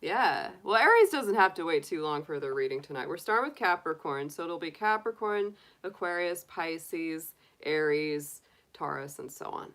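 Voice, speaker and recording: A woman's voice: deep voice, expressive, moderate pace, a bit bright. A middle-aged woman hosting a tarot live stream, chatting casually, giggling often and greeting viewers by name.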